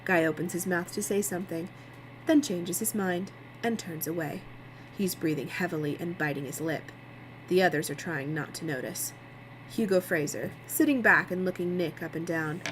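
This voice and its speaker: A woman's voice: on the low side, normal speed, a little hiss or hum, rough recording. A woman hosting a livestream, reading a mystery novel aloud with plain narration. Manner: plain, even narration with asides. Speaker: reader, livestream host.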